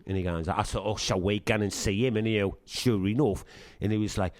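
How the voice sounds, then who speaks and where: A middle-aged punk singer from Sunderland, England, speaks with a Sunderland English accent in an interview, telling chatty anecdotes full of swearing and acted-out dialogue. His voice is fairly low, with fairly even intonation and a fairly quick pace, and there's no room sound.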